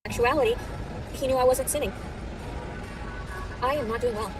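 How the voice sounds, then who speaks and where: A woman's voice: high voice, normal speed, over music. A woman in a filmed clip ranting angrily with constant swearing. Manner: ranting, furious, heavily profane. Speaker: vlogger in clips. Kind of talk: angry monologue to camera.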